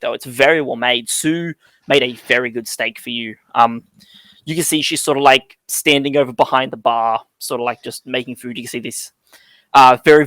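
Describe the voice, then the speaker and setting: A man narrating as dungeon master in a rambling way, often pausing to search for words with lots of fillers. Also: mid-range voice, fairly bright tone, no echo. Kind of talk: narrating a tabletop game.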